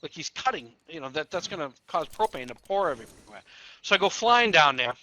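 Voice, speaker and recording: A police officer with a slightly high, brisk voice tells stories casually while gaming, recorded poorly over a loud crowd. He swears freely, laughs mid-story, and animatedly acts out the people he quotes.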